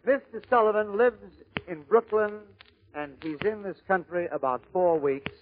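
A man telling a string of comic stories in a brisk storyteller's manner, slipping into character voices. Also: high voice, lively intonation, a little hiss or hum. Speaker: stand-up comedian. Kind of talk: joke telling. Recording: tinny lo-fi old recording.

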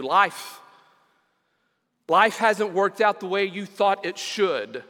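A man's voice: high voice, big pitch swings, takes it slowly, pauses often, pushed and bright, in a large hall. A middle-aged man, preaching a sermon as pastor, telling stories and repeating words for emphasis.

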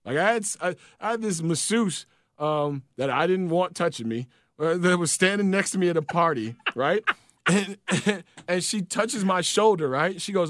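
Animated man telling stories, higher voice. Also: moderate pace, no echo, studio quality. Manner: animated storyteller, swears freely, acts out quotes. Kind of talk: casual chat.

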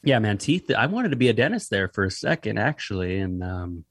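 A man's voice: lowish voice, big pitch swings, fairly quick, no echo, clean studio sound. A young man, a guest on a podcast, chatting in a loose, rambling way with lots of fillers and the odd curse word. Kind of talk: casual podcast conversation.

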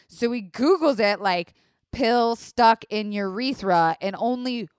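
Profane, animated woman telling a story. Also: medium pitch, normal speed, clear, resonant tone, dry recording, clean studio sound. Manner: candid and profane, lots of "like"; animated, acts out her own panic. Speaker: podcast host. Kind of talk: casual comedic storytelling.

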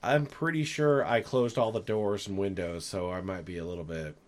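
A man's voice: sits low, normal speed. A man in casual podcast banter, jokey and rambling, swearing freely.

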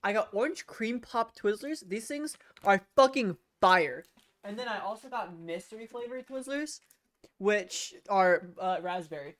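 A woman's voice: mid-range voice, lively intonation, measured pace, a bit bright, no room sound. A woman co-hosting a podcast in casual chat, crude and self-mocking, laughing often. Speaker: podcast co-host.

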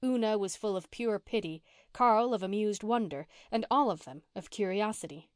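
A woman's voice: mid-range voice, moderate pace, darkish tone, no echo. Style: dry, close audiobook narration by a woman. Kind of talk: scripted narration.

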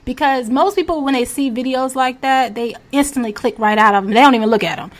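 A woman's voice: sits high, quick pace. A woman hosting a podcast, chatting enthusiastically with her guest and laughing often. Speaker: podcast host. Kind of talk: casual interview chat.

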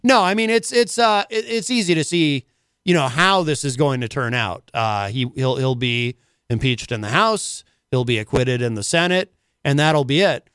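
A man's voice: medium pitch, moderate pace, a bit bright, clear, resonant tone, dry recording, studio quality. A man hosting a casual talk radio show, rambling and full of filler words.

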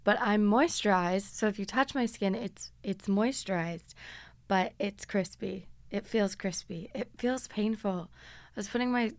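A young woman talking through her podcast in a casual, confiding way, poking fun at herself. Her voice has a gravelly fry at the ends of phrases. The sound is close and dry, with no room around it. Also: fairly high pitch, no room sound. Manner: chatty, self-deprecating, confiding. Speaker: podcast host. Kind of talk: casual podcast monologue with read ads.

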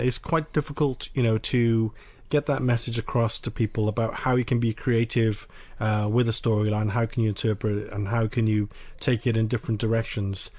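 A man's voice: mid-range voice, darkish tone, no room sound. A man from Wales hosting a podcast, putting reflective and hedging questions to his guest. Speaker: podcast host, interviewer. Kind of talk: conversational interview.

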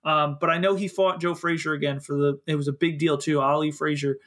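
Excitable bright-voiced man from Philadelphia. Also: on the high side, brisk. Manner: excitable, laughs often, swears casually. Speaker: podcast co-host. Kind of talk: casual chat.

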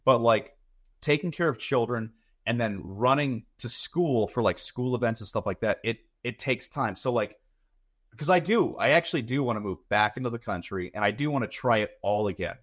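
A man's voice: mid-range voice, expressive, moderate pace, fairly bright tone. A man in his thirties, a podcast guest talking casually and rambling, often repeating words as he thinks. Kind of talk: casual chat.

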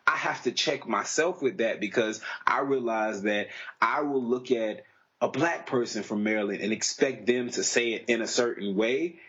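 Male podcast co-host, low husky voice, earnest rambling delivery, lo-fi sound. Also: a bit bright. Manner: earnest, rambling, restarts often. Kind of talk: casual discussion. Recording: dull lo-fi podcast audio.

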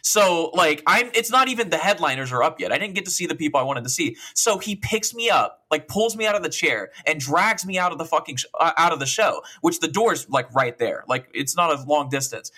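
Young man, podcast co-host, casual profane storytelling, fairly high voice, bright tone. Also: breathy edge. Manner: rambling, profane, animated retelling with quoted dialogue.

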